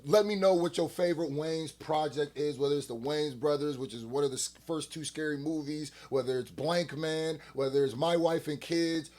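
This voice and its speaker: A man hosting a reaction video in casual commentary, joking loudly one moment and muttering low the next. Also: moderate pace, hardly any pauses. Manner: animated, jumps from loud joking to low mutters.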